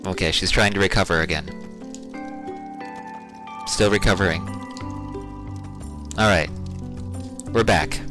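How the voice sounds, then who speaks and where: A man's voice: sits low, moderate pace, pauses often. A man casually commenting as he streams a game he built, with music playing behind him. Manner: relaxed, chatty, with fillers. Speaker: game developer streaming his game. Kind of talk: casual let's-play commentary.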